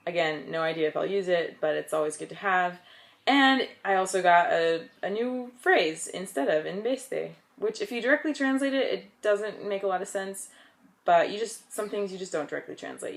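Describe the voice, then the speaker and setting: A young woman from the United States chatting casually in a vlog, bubbly and excitable. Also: lowish voice. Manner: bubbly and excitable, with frequent laughs. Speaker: vlogger.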